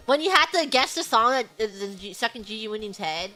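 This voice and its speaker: Bright, high-voiced woman streamer chatting. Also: fairly quick, hardly any pauses, soft background music. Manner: excitable, rambling, hums song snippets. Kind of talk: casual livestream chat.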